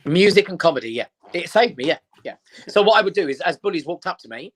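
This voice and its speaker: Comedian guest, middle-aged man, lively anecdotes, slightly high voice. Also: fast. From England. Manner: animated anecdotes, acts out quoted voices. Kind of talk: casual chat, storytelling.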